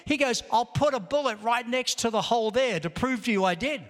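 Male preacher, high voice, storytelling sermon that builds to emphatic exhortation, big reverberant church hall. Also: a little fast, fairly bright tone. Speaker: pastor. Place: large church auditorium.

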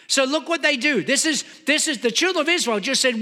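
Male preacher, very high and sharp voice, emphatic sermon, long hall reverb. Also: lively intonation, a little fast, hardly any pauses. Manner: emphatic, asks the audience rhetorical questions.

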